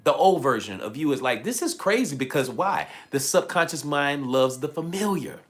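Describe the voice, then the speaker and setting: Animated and moderately paced, a medium-pitched male life coach delivers a motivational livestream talk on a handheld mic. He repeats phrases for emphasis, reads comments aloud, and thanks viewers by name.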